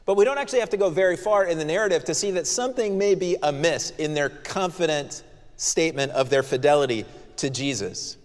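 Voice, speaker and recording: A pastor giving an expository sermon in a church, explaining the text with conversational asides. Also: male voice, on the high side, a little fast. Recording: long reverb of a church hall.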